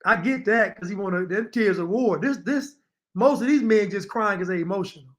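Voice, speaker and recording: A man's voice: high voice, fairly quick, fairly bright tone. A man giving opinionated reaction commentary to viewers, repeating his points and addressing them directly. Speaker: commentary streamer.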